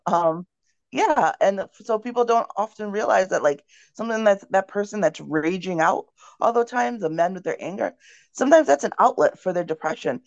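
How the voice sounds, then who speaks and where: A woman's voice: on the low side, vocal fry, darkish tone, no room sound, dull audio. A woman co-hosting a casual podcast, talking in an earnest, reflective way. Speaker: podcast co-host. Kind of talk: casual conversation.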